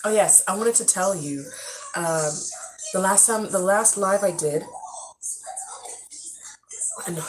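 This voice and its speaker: A young woman from Africa with a low voice chats at length on a live stream from her home, rambling from one story to the next. Her animated talk comes through a phone mic. A steady noise sits under the whole recording. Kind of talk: casual live-stream chat.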